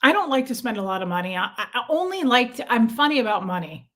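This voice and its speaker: A woman with a slightly high, very animated voice talks quickly while hosting a casual livestream and reading chat. She chats with viewers and vents in a talkative way, repeating herself.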